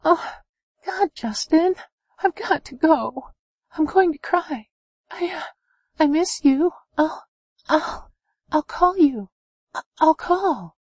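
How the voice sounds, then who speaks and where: A woman's voice: sits high, animated, takes it slowly, long pauses, darkish tone, no room sound, lo-fi sound, voice pushed up. A woman voicing a frantic, breathless young woman who stammers, in an audiobook. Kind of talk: audiobook character voice.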